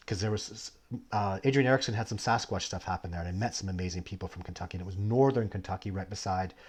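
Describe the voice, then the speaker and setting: A man with a husky, fairly low voice hosts a casual livestream and answers viewer questions. He tells long, rambling stories full of restarts. His delivery jumps from excited outbursts to quiet, muttered asides. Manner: rambling, digressive storytelling with many restarts; swings between animated bursts and low, muttered asides. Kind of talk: casual live Q&A chat.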